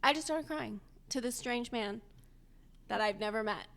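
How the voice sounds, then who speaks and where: A young adult woman co-hosting a podcast, telling a story in casual chat, animated and often laughing as she acts out the people in it. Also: a little high, moderate pace, gravelly. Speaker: podcast co-host.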